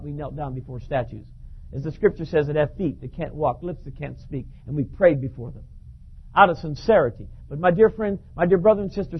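A man preaching a sermon, telling a story in an animated way and often repeating words. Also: fairly high pitch, slightly rough. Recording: dull lo-fi recording.

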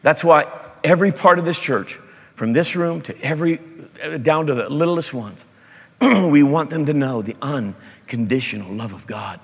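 Animated preaching man in a reverberant hall. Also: on the high side, normal speed, slightly rough. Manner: animated, jumps between loud emphasis and quiet asides. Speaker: pastor. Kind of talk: sermon with storytelling.

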